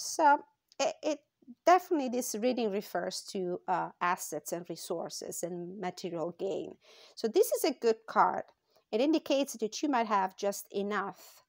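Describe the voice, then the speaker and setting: For her channel, a woman with a gravelly, fry-edged, fairly low voice offers a casual tarot reading. She goes slowly and thoughtfully, pausing often and filling gaps with little fillers, in a dry, close recording.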